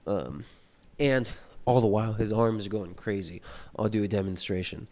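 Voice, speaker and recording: Low-voiced casual young man. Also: moderate pace, darkish tone. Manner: loose, rambling, slangy and profane, reading passages aloud then paraphrasing. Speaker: book reader and commentator. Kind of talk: casual book read-through with commentary.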